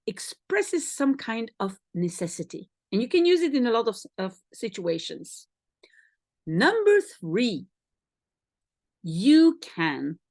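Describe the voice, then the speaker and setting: A woman with a Belgian Dutch accent, Dutch her first language, explains a language lesson at an unhurried pace. Her slightly high voice swings widely in pitch as she spaces out each example. The sound is close and dry. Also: darkish tone, no echo. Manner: slow, carefully spaced explanations with example phrases repeated. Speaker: language teacher.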